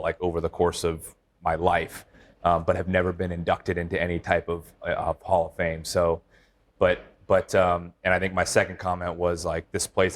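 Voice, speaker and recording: A middle-aged man with a deep, low-pitched voice answers interview questions about his team. He talks in a relaxed, rambling way, circling back and restarting his sentences as he goes. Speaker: baseball team manager. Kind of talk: casual interview chat.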